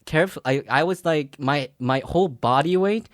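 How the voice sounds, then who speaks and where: A man's voice: on the high side, normal speed, no echo, studio quality. Young man telling a rambling story. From Philippines. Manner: rambling, filler-heavy, laughs through his story. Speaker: podcast co-host. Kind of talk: casual storytelling chat.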